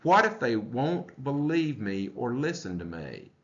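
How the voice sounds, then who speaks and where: A male pastor leading a church Bible study, explaining the text slowly and putting questions to the group. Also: medium pitch, very animated. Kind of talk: conversational Bible study teaching. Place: church room. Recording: echoey room, dull lo-fi sound.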